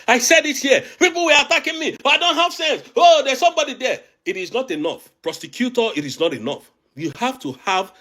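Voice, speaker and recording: Nigerian male host, high and lively voice, emphatic and agitated commentary with lots of repetition. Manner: emphatic and agitated, repeating phrases. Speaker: online show host. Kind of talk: impassioned political commentary. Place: abroad, recording a video.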